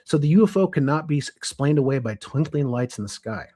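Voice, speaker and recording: A young adult man co-hosting a podcast, telling a story from his notes in a lively, casual way with frequent restarts. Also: medium pitch, a little fast. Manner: animated, restarts and self-corrections. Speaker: podcast co-host.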